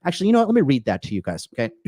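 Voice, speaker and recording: A man hosting a podcast, giving a blunt, crude, animated motivational rant full of swearing and acted-out quotes. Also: mid-range voice, rapid-fire, dry recording. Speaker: podcast host. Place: apartment or home in Tokyo.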